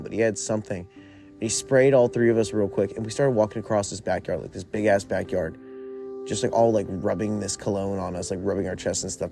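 A young man in his twenties with a lowish voice tells a personal story in a laid-back, rambling way. He swears freely and leans on fillers. Soft guitar music plays faintly behind him. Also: gravelly. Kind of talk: casual storytelling.

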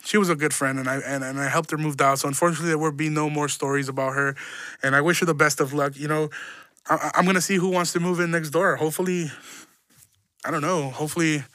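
High, bright-voiced rambling podcast guy. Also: dry recording. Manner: rambling, profane, stumbling repeats. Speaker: podcast host. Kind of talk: casual solo podcast rant.

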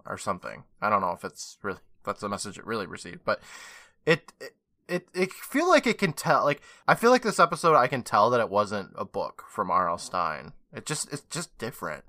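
A man co-hosting a podcast in casual chat, jokey and quick to laugh. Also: on the low side, dry recording, clean studio sound. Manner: animated, jokey, laughs often. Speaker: podcast co-host.

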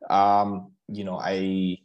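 A man speaking as a podcast guest in casual conversation, earnest and halting, with many fillers and restarts. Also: low-pitched, monotone, lo-fi sound.

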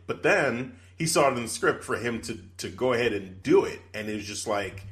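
A man's voice: fairly low pitch, brisk, few pauses, fairly bright tone. A man co-hosting a podcast, chatting casually and rambling with many fillers. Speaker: podcast co-host. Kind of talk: casual chat.

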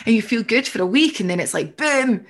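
A woman's voice: a little high, lively intonation, brisk. Reassuring woman coach. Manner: reassuring, reflective, voices inner thoughts. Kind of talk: coaching conversation.

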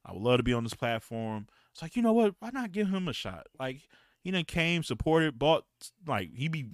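A man hosting a battle rap podcast, talking in a loose, slangy, profane and rambling way, clearing his throat now and then. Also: mid-range voice, fairly bright tone, dry recording, studio quality. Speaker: podcast host and battle rap league promoter. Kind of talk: casual podcast talk.

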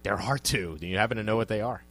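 A man's voice: on the low side, fast talker, vocal fry, a bit bright, no room sound. A man co-hosting a trivia podcast in casual chat. He laughs often and jokes around loosely.

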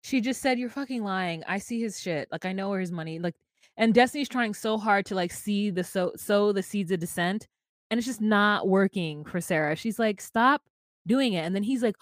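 A woman's voice: medium pitch, expressive, fairly quick. A sassy woman co-hosting a podcast, tossing out blunt put-downs while she recaps reality TV. Her voice sounds close and dry, with no room echo. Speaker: podcast co-host. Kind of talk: casual reality-TV recap chat.

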